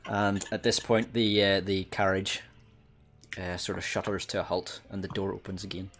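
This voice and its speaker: A man's voice: deep voice, level tone, normal speed, fairly bright tone, a little hiss or hum. A Northern Irish man narrating a tabletop game as game master, with many hesitations. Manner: hesitant, many uhs, breaks into laughter.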